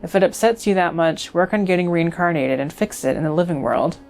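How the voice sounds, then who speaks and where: A woman's voice: fairly low pitch, brisk, a little mellow, faint music behind, lightly acted. A woman reading as a blunt watcher of the dead. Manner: reading game dialogue aloud. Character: blunt male watcher guiding the dead onward.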